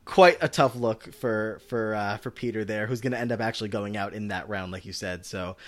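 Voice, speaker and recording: This podcast co-host has a lowish voice and talks fairly quickly. He's a man rambling through a casual recap conversation, leaning heavily on filler words.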